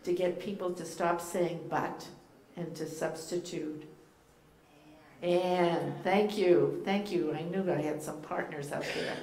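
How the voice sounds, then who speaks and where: With a steady tone and a slow pace, a woman with a Boston accent and a lowish, slightly mellow voice preaches to a congregation as a guest rabbi. The sermon is informal, playful, and teacherly, dotted with ums and uhs, and the church sanctuary gives an echoey sound with faint background noise.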